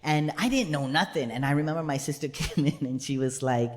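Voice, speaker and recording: A man's voice: a little high, a little fast. A man performing storytelling stand-up comedy on stage, acting out quoted voices and laughing often. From United States.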